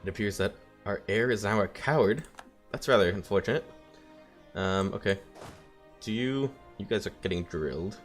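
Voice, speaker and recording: A man's voice: fairly low pitch, animated, normal speed, soft background music. A man casually commenting while playing a strategy game, thinking aloud with wry asides. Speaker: let's play host.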